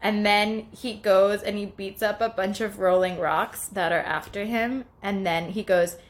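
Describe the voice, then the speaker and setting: A young woman vlogging at home, chatting casually and telling goofy stories in a playful, animated way. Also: medium pitch, measured pace. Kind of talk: casual chat, playful storytelling.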